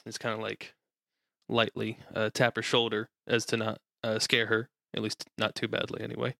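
Gravelly, swearing tabletop player. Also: male voice, on the low side, monotone, moderate pace, bright, forceful tone. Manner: rambling, swears freely. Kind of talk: casual tabletop game chat.

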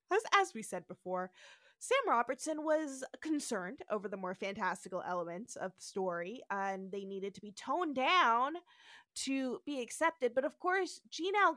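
A woman's voice: fairly high pitch, no room sound, clean studio sound. A woman co-hosting a podcast, telling the story with lots of laughs and acted-out quotes in a casual chat. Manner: laughing, animated storyteller who acts out quotes. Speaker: podcast co-host.

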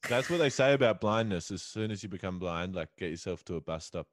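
Brief: male podcast co-host, low voice with lots of swing, dry close mic, loose and jokey. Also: animated, quick pace, no room sound. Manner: laid-back storytelling, swearing, laughs often. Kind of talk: casual chat.

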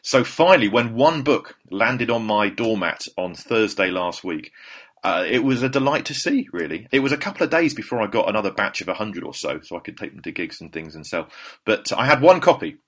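A man's voice: fairly low pitch, very animated, a little fast, a bit bright, slightly rough. A man hosting a podcast, telling a rambling, self-deprecating story in a casual, chatty monologue. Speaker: podcast host.

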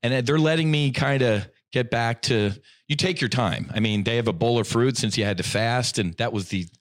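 A middle-aged man telling a personal story in casual podcast talk. He is animated and slangy, and his voice swings between loud bursts and hushed asides. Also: medium pitch, moderate pace, no room sound, studio quality. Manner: slangy, says "dude" and "I'm like". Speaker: podcast guest.

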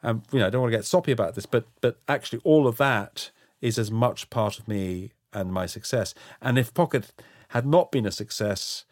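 A middle-aged man answering interview questions frankly and at a measured pace, often restarting his sentences. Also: mid-range voice, no echo, clean studio sound. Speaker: interview guest, housing developer.

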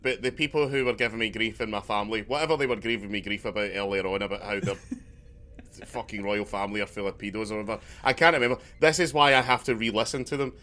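Man, bright voice, casual podcast chat, rambling, loses his train of thought, swears. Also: on the low side, fairly even intonation, fast talker. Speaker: podcast co-host.

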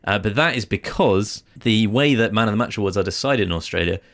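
A man's voice: lowish voice, expressive, brisk, a bit bright. A man co-hosting a podcast in a studio, chatting casually and teasing his co-host with dry banter. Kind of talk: casual chat.

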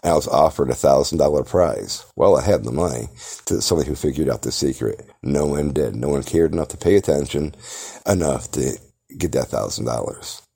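A man hosting a podcast lectures the listener in a grandiose, theatrical, self-promoting monologue. His voice is extremely low, creaky, mellow and husky, and he talks a little fast.

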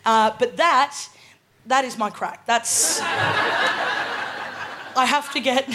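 A woman's voice: high-pitched, big pitch swings, very slow, pushed and bright, slight background noise. A woman in her twenties with an Australian accent doing a live stand-up set, casual and cheeky, often tagging lines with "right?". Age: 20s. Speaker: stand-up comedian. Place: live comedy venue.

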